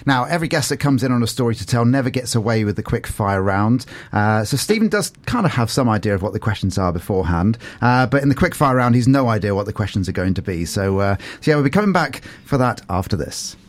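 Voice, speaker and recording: A man's voice: medium pitch, animated, quick pace, hardly any pauses. A man hosting a radio interview in a studio, chatty and jokey, telling rambling anecdotes. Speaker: radio show host.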